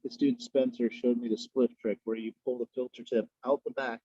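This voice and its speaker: A man's voice: mid-range voice, flat delivery, brisk, warm tone, husky, dry recording, dull audio. A man guesting on a podcast, chatting casually and telling rambling, laid-back stories while he smokes. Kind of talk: casual chat while smoking.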